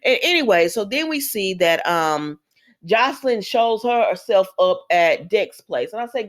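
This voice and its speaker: A woman's voice: medium pitch, very animated, unhurried. A woman hosting a casual soap opera recap vlog, chatty and opinionated, slipping into quoted voices of the characters and complaining about the writing. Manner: exasperated with the show's writing.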